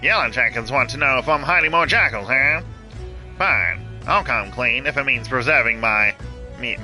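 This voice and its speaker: A man voicing a cocky female smuggler in a put-on gangster accent, louder than his usual voice. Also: mid-range voice. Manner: put-on gangster accent, drops g's and says 'me' for 'my'. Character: cocky female jackal smuggler, wheedling crook.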